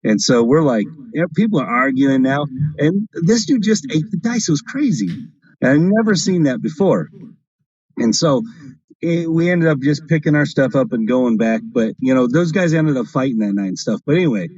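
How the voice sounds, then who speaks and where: A man's voice: a little high, animated, moderate pace, a little mellow, slightly rough. Man rambling through gambling stories. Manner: rambling anecdotes, keeps asking "right?". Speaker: craps streamer guest. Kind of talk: casual storytelling on a live stream. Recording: lo-fi stream audio.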